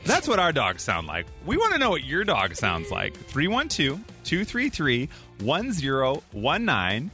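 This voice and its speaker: A man's voice: a little high, wildly swooping pitch, a little slow, bright, forceful tone, soft background music. A man hosting a morning radio show in a playful, upbeat way, chatting with callers. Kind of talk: casual morning show chat.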